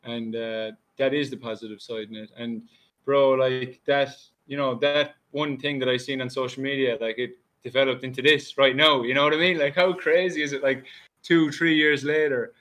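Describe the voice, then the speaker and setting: Bright-voiced laid-back Irish man. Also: medium pitch, steady tone, normal speed. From Ireland. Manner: laid-back, lots of "dude" and "bro" fillers. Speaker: podcast guest. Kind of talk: casual chat.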